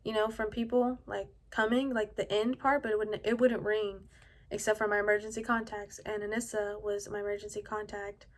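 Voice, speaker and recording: A woman telling a personal story in a casual vlog, soft-spoken and rambling, with lots of "like" and a hushed delivery. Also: medium pitch, level tone, fairly quick. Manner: often drops to a hushed, quiet delivery. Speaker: vlogger telling her own story.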